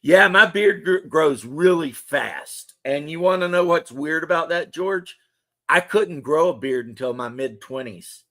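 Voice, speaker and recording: A man's voice: a little high, fairly bright tone. Rambling casual male streamer. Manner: loose, rambling, joking banter. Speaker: livestream host. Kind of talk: casual chat to stream viewers.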